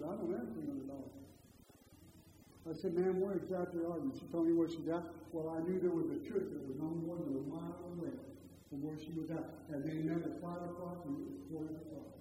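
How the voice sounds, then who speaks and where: A high-voiced man delivers a sermon, with loud, drawn-out emphasis that falls to hushed storytelling. The sound is dull and lo-fi, carrying a long echo from a large hall. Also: a little hiss or hum. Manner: emphatic, swings from loud slow stresses to quiet storytelling. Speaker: preacher.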